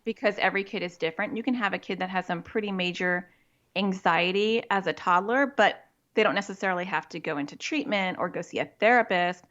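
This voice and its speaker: A woman's voice: medium pitch, brisk, fairly bright tone, lo-fi sound. A woman who works as a child therapist, speaking as a podcast interview guest. She explains practical ideas and often acts out what a parent or child might say.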